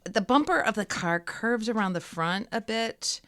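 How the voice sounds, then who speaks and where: A woman hosting a podcast interview, asking questions gently and encouragingly and telling a story of her own. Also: mid-range voice, expressive, moderate pace. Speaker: podcast host.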